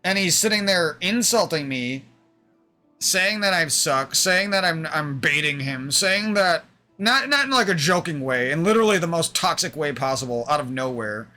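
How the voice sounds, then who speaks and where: A man's voice: on the high side, animated, moderate pace, bright, forceful tone, soft background music. A young man streaming, venting in a rambling, aggrieved monologue full of swearing.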